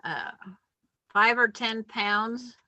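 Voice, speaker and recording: A woman co-hosting a casual livestream, adding slow, unhurried remarks to the chat. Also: fairly high pitch, sharp tone, dry recording. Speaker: livestream co-host.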